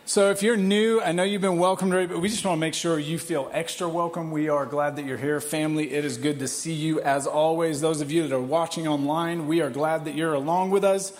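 A male pastor with a fairly high voice delivers a sermon in a church. He tells a personal story in an animated, playful way, mixing in quick asides and laughter. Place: church hall.

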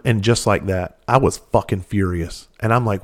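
Low-voiced man telling a blunt story. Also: moderate pace. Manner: candid, profane, rambling with restarts. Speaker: podcast host. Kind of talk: casual storytelling monologue.

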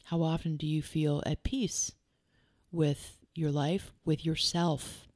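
A woman's voice: low voice, level tone, slow pace, a little mellow, no echo, studio quality. A woman who works as a life coach and hosts a podcast. She talks earnestly and directly, firing off strings of probing questions and repeating key phrases for emphasis.

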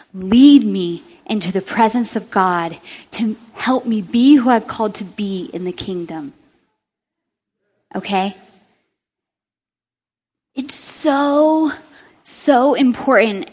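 Young woman preacher with a high voice, earnest and chatty, echoing through a big hall. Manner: earnest, conversational, speaks to the women in the room. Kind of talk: sermon.

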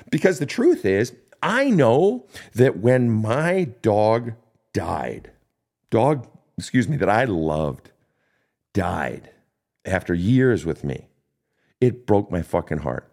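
A man in his fifties, a life coach answering listener questions in a recorded online session, talking bluntly and swearing heavily as he drives his points home. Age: 50s. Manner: blunt, heavily profane, emphatic preaching delivery; swings between hushed low stretches and high impassioned bursts.

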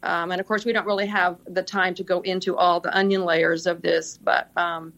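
A woman's voice: fairly low pitch, little pitch movement, moderate pace, a bit bright. A middle-aged woman, a podcast guest, telling work stories casually and laughing often. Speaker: podcast guest, senior executive assistant. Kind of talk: casual interview storytelling.

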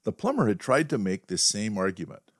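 A man hosting a podcast, telling a wry, deadpan story in a monologue. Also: fairly low pitch, fairly quick, dry recording, clean studio sound. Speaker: podcast host.

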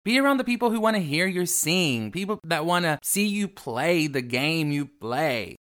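A man's voice: a little high, expressive, normal speed, a bit bright. A man hosting an upbeat self-help radio show, theatrical and calling listeners darling. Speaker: host.

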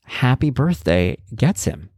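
Speaking slowly in a medium-pitched, sing-song voice with a breathy edge and a slightly mellow tone, a man muses about his son. He's a parent blogger, and his casual monologue wanders conversationally, full of dry, blunt jokes. There's no echo, just clean studio audio.

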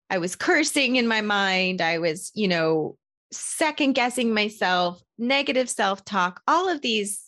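A woman hosting a podcast, candidly telling a personal story as a parent in an animated, self-deprecating way. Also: medium pitch. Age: adult parent. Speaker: podcast host.

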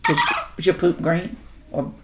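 A woman's voice: unhurried, very noisy. A middle-aged woman hosting a casual podcast chat at home with her son, teasing and laughing. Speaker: podcast host.

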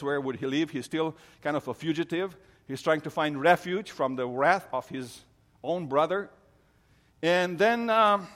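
A middle-aged man from Romania, preaching a sermon as an earnest storyteller who often restarts his sentences. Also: fairly high pitch. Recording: long hall reverb.

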